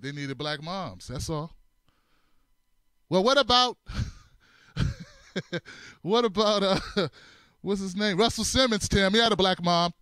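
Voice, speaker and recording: A man hosting a comedic political commentary show, with a fairly high voice and an unhurried delivery. He is animated, repeats his lines for effect, and laughs often. The sound is dry and close. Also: no echo. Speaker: host.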